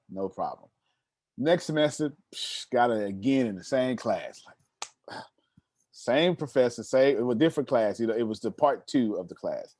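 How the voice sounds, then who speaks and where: A man in his thirties, a motivational speaker telling stories to an audience, animated and addressing the listeners directly with a teasing tone. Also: mid-range voice, dry recording, clean studio sound. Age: 30s. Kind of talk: storytelling talk to an audience.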